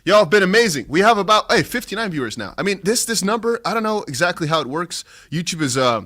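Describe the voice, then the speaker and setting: A man hosting a casual livestream, animated and chatty with his viewers. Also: sits high, fast. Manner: animated, laughing, talks to viewers as lads. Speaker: livestream host.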